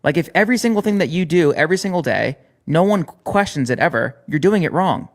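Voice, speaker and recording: Podcast guest, male, fast and blunt, slightly high voice, profane. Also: expressive. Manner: blunt, profane, challenging questions. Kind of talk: motivational podcast talk.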